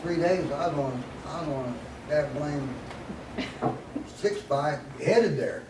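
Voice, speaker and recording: A man's voice: fairly high pitch, slow. An older man telling a folksy military story to an audience with a laugh. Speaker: guest speaker. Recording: echoey hall, mic at a distance, noisy.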